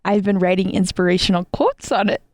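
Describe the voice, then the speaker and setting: A young woman co-hosts a casual chat podcast. She tells her story with lively energy and keeps turning to address the listeners directly. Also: medium pitch, fairly quick, no room sound. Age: young adult. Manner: animated storyteller, talks straight to listeners as "guys". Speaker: podcast co-host.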